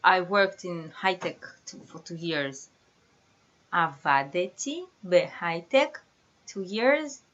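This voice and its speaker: A woman's voice: on the low side, expressive, unhurried, a bit bright, highs cut off, a little hiss or hum. A woman teaching a beginners' language lesson, explaining step by step and quizzing her students with questions. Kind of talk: casual online lesson.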